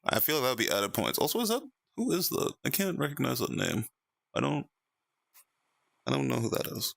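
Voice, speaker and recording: A young man hangs out on a VR stream and talks casually with his chat, animated and quick to laugh. His voice has a gravelly fry at mid pitch. The sound is dry and close, with no room around it. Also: no echo. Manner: animated, laughs often, playful.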